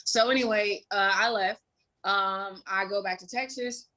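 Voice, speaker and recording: A young woman from Indiana, a guest in an interview, telling her story candidly with plenty of swearing, fillers and quick asides. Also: medium pitch, steady tone, sharp tone.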